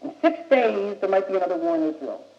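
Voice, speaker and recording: Young American man, high voice, blunt and insistent talker; old muffled tape in an echoey room. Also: expressive, fast talker, mellow, slight background noise. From United States. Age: young adult. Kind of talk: impassioned speech.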